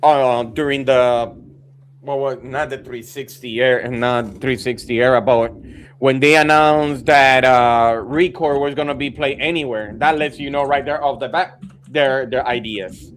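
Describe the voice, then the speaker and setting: A man's voice: medium pitch, steady tone, fairly bright tone, slight background noise. A man co-hosting a casual gaming podcast, teasing and chiming in often. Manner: teasing, quick interjections. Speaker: podcast co-host.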